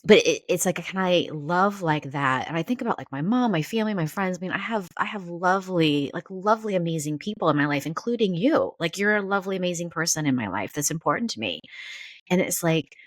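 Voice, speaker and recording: A low-pitched woman talks slowly through her feelings, stopping and restarting as she searches for words. She sounds close to tears. The recording is dry and close, with no room sound. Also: lively intonation, no room sound. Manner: halting, searching, many restarts. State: near tears. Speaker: podcast host and counselor. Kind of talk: reflective therapy conversation.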